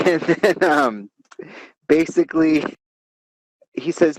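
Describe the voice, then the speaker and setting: A man's voice: a little high, expressive, measured pace, pauses often, dry recording, low-quality recording. A man hosting a comedy podcast, telling a crude story in a rambling, profane way and laughing as he goes. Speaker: podcast host.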